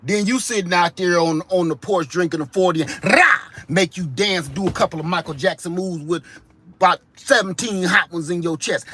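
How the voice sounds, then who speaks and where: A man from Ohio doing a comedic monologue, animated and full of slang. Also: high-pitched, fairly quick, slightly rough. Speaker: vlogger.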